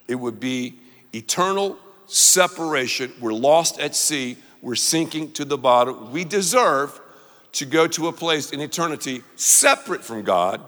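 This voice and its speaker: A man preaching a sermon, leading the congregation to repeat lines back to him in an animated way. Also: mid-range voice, long reverb tail. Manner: animated, call-and-response with congregation. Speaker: pastor.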